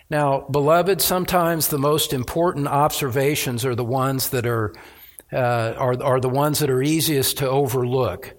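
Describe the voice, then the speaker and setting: A man's voice: medium pitch, unhurried. A man preaching a sermon as pastor, emphatic, often restarting phrases, addressing a church congregation.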